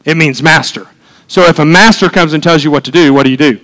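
A man's voice: fairly high pitch, fast, fairly bright tone, rough recording. A man preaching a conversational sermon as pastor, building to fervent emphasis.

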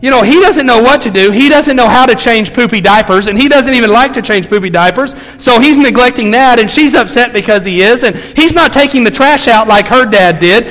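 High-voiced pastor in a reverberant church. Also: male voice, expressive, brisk, hardly any pauses, a bit bright. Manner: conversational, many fillers and restarts. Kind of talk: storytelling sermon.

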